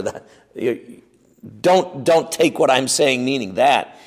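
A male pastor teaches from the pulpit, slow and unhurried, his slightly raised voice ringing with the long reverb of a large hall. He talks in a conversational way, puts questions to the congregation and restarts his phrases with fillers and repeated words. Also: on the high side. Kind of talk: sermon.

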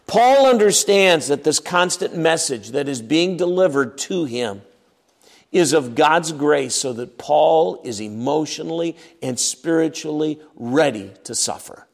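A man's voice: a little high, expressive, unhurried, creaky. A man preaching an expository sermon, emphatic and often repeating his words as he acts out the scripture scenes.

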